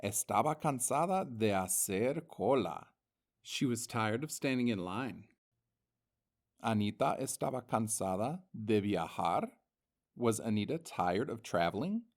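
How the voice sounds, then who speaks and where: A man teaching a language lesson, reading vocabulary words and their meanings slowly and deliberately as scripted instructional narration. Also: fairly low pitch, expressive.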